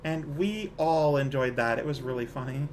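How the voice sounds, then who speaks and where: A man's voice: mid-range voice, moderate pace, noisy background. A man streaming a game, chatting casually in a rambling way and laughing at his own jokes.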